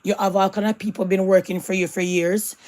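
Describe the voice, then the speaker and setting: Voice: medium pitch, flat delivery, a little fast, a little mellow. A commentator giving emphatic opinion commentary, repeating points and slipping into patois phrases. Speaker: online commentator.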